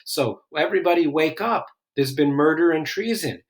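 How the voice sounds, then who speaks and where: A man's voice: a little high, moderate pace. A man teaching a classic play line by line, reading the quoted lines dramatically and then explaining them in casual talk full of "like". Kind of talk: line-by-line literature lesson.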